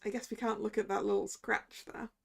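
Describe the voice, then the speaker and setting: A woman's voice: medium pitch, level tone, fairly quick, gravelly, slightly rough. A woman streamer chatting and reading game dialogue aloud. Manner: chatty asides. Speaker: let's play streamer.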